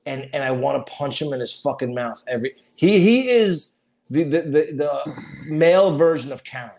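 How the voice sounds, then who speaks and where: A man's voice: fairly high pitch, lively intonation, normal speed, darkish tone. A middle-aged man in casual chat as a podcast co-host, profane and emphatic, stating strong opinions.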